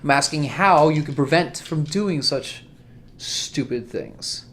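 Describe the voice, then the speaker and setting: A man's voice: a little high, animated, slight background noise. A man doing a cold, condescending vampire prince. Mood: cold lecturing. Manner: cold, measured, quietly lecturing. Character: stern, condescending young-looking male vampire prince.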